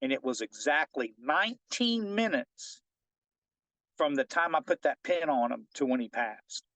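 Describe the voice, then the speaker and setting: A middle-aged fishing guide telling a personal story in an interview, animated and often checking in with "right?". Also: male voice, fairly high pitch, measured pace, no echo, rough recording. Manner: animated storyteller who keeps asking "right?".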